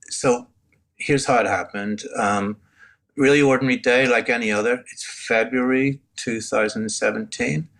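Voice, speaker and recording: A man, a podcast guest candidly telling his personal testimony with halting restarts and self-deprecating asides. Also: medium pitch, a bit bright. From Northern Ireland.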